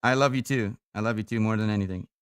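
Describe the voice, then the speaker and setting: A man's voice: on the low side, fast, fairly bright tone, smooth, dry recording. A tired young man streaming live, chatting casually on a call with his grandmother, swearing often and laughing easily.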